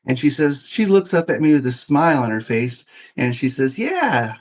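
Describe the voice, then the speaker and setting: Man in his 50s spinning a story on a podcast, animated, does little voices for the people in it. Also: medium pitch, moderate pace. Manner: animated, acts out quoted voices. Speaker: podcast guest. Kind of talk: casual storytelling.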